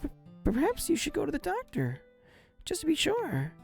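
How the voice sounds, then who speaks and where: A shy, anxious young woman who stammers through every line, high and wobbly, with wide swings in pitch, as a man puts her on. Her small voice is a little gravelly at the edges. Faint music plays behind her. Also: wildly swooping pitch, moderate pace, heavily acted. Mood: pleading, worried. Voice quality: stutters on nearly every line. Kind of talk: visual novel read-aloud.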